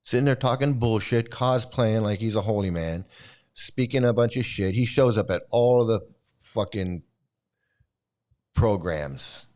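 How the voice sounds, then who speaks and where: A man's voice: fairly low pitch, measured pace, a little mellow. A man hosting a commentary channel, giving an angry, profane and mocking rant. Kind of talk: ranting commentary.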